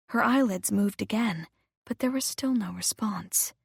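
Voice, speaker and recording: A woman narrating a mystery audiobook in an unhurried, even way. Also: mid-range voice, creaky, slightly rough, no echo, studio quality. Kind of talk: scripted narration.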